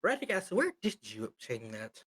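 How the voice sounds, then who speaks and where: A man playing a wise old samurai who speaks in a slow, measured, grave way in a tabletop game. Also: medium pitch, huge pitch swings, a bit bright, breathy edge, heavily acted. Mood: calm, grave.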